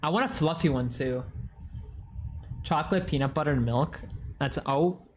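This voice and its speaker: A young man streaming, chatting casually and excitably as he reacts to videos and reads chat, swearing now and then. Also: fairly high pitch, moderate pace, slight background noise.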